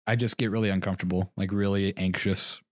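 A young man with a fairly low voice rambles through a story, chuckling and mimicking the people in it. The sound is dry and close to the mic, with no room around him. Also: little pitch movement, quick pace, dry recording. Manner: rambling storytelling, acts out both sides of conversations, laughs often. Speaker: podcast co-host. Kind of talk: casual chat.

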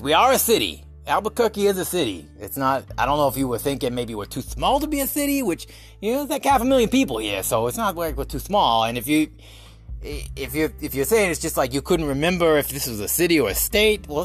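A man from the New York area with a New York accent, hosting a comedic rant podcast in an animated, rambling way full of restarts. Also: fairly high pitch, a little fast, husky, faint music behind. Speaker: podcast host.

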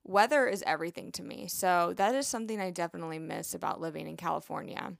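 A woman's voice: on the low side, quick pace, vocal fry, dry recording, studio quality. A young woman hosting a podcast, a nurse chatting casually with a rambling, playful manner and lots of asides. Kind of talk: casual chat.

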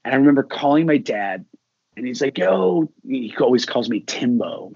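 A husky-voiced middle-aged man recounts his story in an interview, full of energy and acting out the lines of others. The recording is dry and slightly dull, with a lo-fi edge. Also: mid-range voice, normal speed, no room sound. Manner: animated, acts out quoted dialogue. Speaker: musician guest. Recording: dull lo-fi sound.

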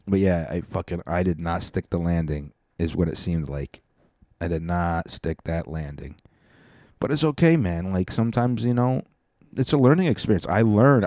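A man's voice: deep voice, mellow, no room sound, clean studio sound. A young man hosting a podcast, rambling through a profane, self-mocking comedic monologue. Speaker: podcast host.

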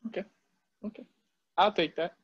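A man's voice: high-pitched, normal speed, a bit bright, slightly rough. A man from Albany hosting a casual interview, talking loosely and often checking in with "you know what I mean". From Albany, New York. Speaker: interview host. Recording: dull dry lo-fi sound.

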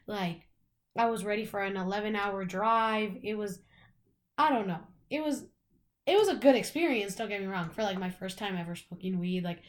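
A young woman, co-hosting a podcast, chatting casually and telling a rambling story full of "like" and swearing. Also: medium pitch. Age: young adult. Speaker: podcast co-host. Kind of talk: casual chat.

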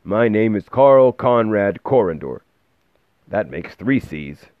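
A man voicing a gruff, grumbling old male bookseller who speaks slowly and with disapproval, recorded with a dull, dry sound. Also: lowish voice, expressive, no echo.

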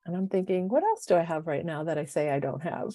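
A woman in her fifties chats on a podcast in a slightly low voice. She tells long stories and acts out what people said with animated quoted lines. The sound is dry and close. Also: fast talker, no echo. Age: 50s. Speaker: podcast co-host, life coach. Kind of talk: casual chat. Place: home, city.

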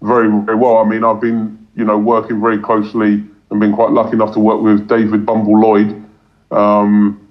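A man's voice: lowish voice, monotone, brisk. A man, a cricket commentator, talking casually in an interview, rambling with repeated words and plenty of fillers. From England. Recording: dull lo-fi recording.

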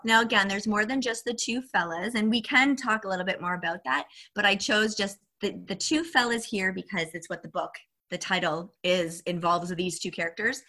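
A woman's voice: medium pitch, bright, forceful tone. A young woman hosting a podcast, chatting about a book in a candid, giggly way and reading passages aloud. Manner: giggly, candid, breezy asides. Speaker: podcast host.

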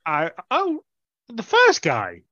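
A man's voice: very high voice, wildly swooping pitch, takes it slowly, sharp tone, dry recording. A man co-hosting a podcast in casual banter, laughing and swearing as he rambles. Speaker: podcast co-host. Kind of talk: casual chat. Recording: dull, dry lo-fi sound.

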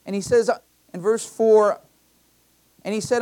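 A man's voice: high-pitched, fairly even intonation, measured pace, dark tone, clean tone. Male pastor preaching a conversational sermon. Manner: conversational preaching with personal anecdotes; emphatic, repeats key phrases. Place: church.

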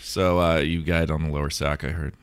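A man's voice: rumbling low, flat delivery, fairly quick, clean tone. A man hosting a podcast, asking curious questions with a teasing edge. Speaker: podcast host. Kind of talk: interview questions.

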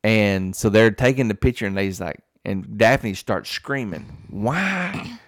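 A man with a low, dry-sounding voice recounts a story at length, stumbling through restarts and fillers. He keeps the tone of a relaxed podcast conversation, close to the mic with no room sound. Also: moderate pace, no room sound. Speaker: podcast co-host. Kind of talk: casual chat.

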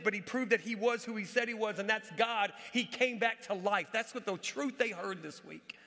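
A man preaching a sermon to a church congregation, animated, repeating his key phrases for emphasis. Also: high voice. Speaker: pastor. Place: church sanctuary. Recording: live church recording with long hall reverb.

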